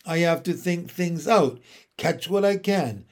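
A man's voice: on the high side, animated, measured pace. A man reading a storybook aloud, voicing a small, clever female spider who explains things in a cool, matter-of-fact way. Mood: explaining. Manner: cool, practical, plainly explaining.

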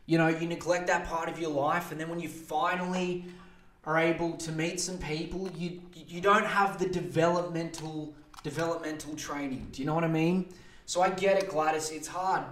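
A man's voice: fairly high pitch, normal speed, a bit bright. An Australian man hosting a comedy podcast, ranting and rambling with lots of swearing as he hands out mock advice. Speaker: podcast host. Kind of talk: comedic rant. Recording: roomy echo.

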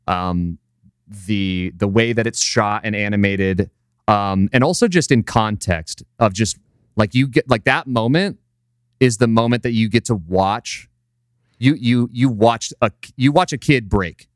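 Recorded up close with a dry sound and no room ambience, this male podcast co-host speaks in a very low, smooth, resonant voice. He's just chatting, cursing casually and leaning on lots of fillers as he recounts a scene.

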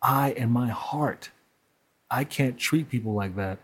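A man's voice: medium pitch, measured pace, breathy edge. A man hosting a solo monologue, speaking candidly and profanely and laughing between his points. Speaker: podcast host.

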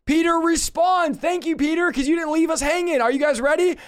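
A man preaching a fervent Bible teaching, impassioned, with rhetorical questions and bursts of shouting. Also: very high voice, fairly quick.

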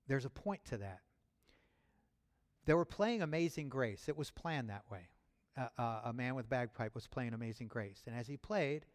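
A man preaching as a pastor, speaking in a personal, conversational way with restarts and chuckles, and building to loud fervor. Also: medium pitch. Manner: builds to loud, rising fervor near the end. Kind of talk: sermon. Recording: long hall reverb.

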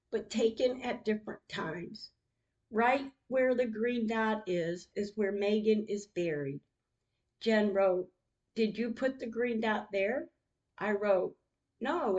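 A woman podcaster reads her text messages aloud, slowly and with deep feeling. Her voice sits at an ordinary middle pitch, and her delivery is emotional and heartfelt. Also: darkish tone. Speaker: podcast host.

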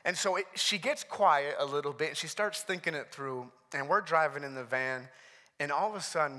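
A man in his thirties preaching a sermon in a church, telling a family story with animated, self-deprecating humor. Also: on the high side, normal speed, big-room sound. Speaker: pastor.

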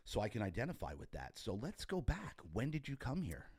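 A man's voice: medium pitch, wildly swooping pitch, brisk, darkish tone, breathy edge, no echo. A man hosting a podcast in a casual, rambling, enthusiastic interview style, with many restarts. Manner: effusive and talkative. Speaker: podcast host.

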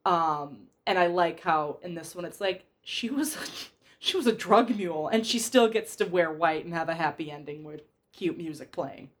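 A young woman hosting a casual film discussion, animated and laughing often. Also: on the low side, normal speed. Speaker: podcast host.

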